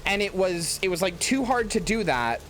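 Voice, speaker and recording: A man's voice: high-pitched, big pitch swings, normal speed, a bit bright, a little hiss or hum. A man streaming a game in casual commentary, rambling with many fillers and swearing into a headset mic.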